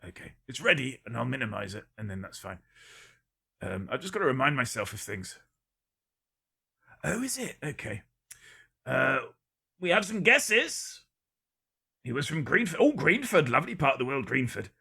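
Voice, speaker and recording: A man with a gravelly, slightly husky voice runs a casual live-stream quiz. His tone is bright and forward, and his joking stays dry and deadpan as he rattles off one guess after another. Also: medium pitch, moderate pace, long pauses. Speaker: livestream quiz host.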